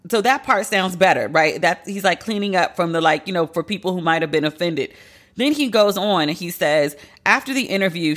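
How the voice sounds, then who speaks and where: A woman hosting a podcast, giving candid, profane commentary with sharp swings of pitch for emphasis. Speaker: podcast host. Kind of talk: casual commentary monologue.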